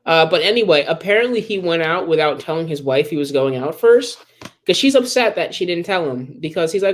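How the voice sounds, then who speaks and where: A man's voice: fairly high pitch, animated, fairly quick. A man co-hosting a podcast, casually recapping a comic book plot with many ums and acted-out quotes. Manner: rambling retelling with many ums and quoted asides. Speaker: podcast co-host.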